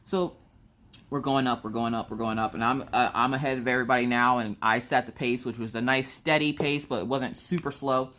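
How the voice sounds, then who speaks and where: A woman, a young adult, casually chatting from home as a crafting channel host, telling a family story and acting out her own lines in a higher voice. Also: brisk. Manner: animated, acts out her own quotes in a higher voice.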